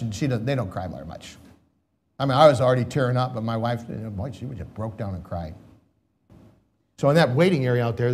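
A man's voice: mid-range voice, darkish tone. An older man, a pastor, telling an emotional personal story in a sermon, rambling with restarts.

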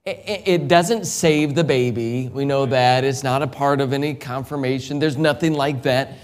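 A middle-aged man preaching a sermon as an evangelist, swinging from quiet storytelling to loud, impassioned peaks. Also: mid-range voice, moderate pace.

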